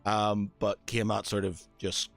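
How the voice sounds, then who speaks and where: A man running a tabletop game as dungeon master, narrating slowly with plenty of hesitant fillers. His voice is low and creaky. Faint music plays underneath. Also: flat delivery, a bit bright.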